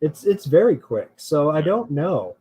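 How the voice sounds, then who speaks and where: A man with a notably high voice co-hosts a relaxed chat, talking in a loose, rambling way. He laughs easily and hedges his picks as he thinks out loud. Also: measured pace, husky, rough recording. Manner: laughs often, hedging and rambling. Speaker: podcast co-host. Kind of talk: casual chat.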